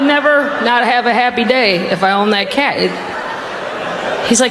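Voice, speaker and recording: A woman's voice: a little high, fairly quick, background noise. A woman stand-up comedian telling rambling, self-mocking stories on stage in a comedy club. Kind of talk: stand-up routine. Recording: reverberant club with loud audience laughter.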